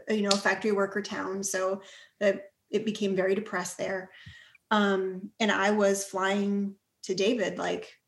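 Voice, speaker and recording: A woman guest telling her story in an earnest, energetic way. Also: mid-range voice. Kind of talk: casual storytelling. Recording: roomy echo.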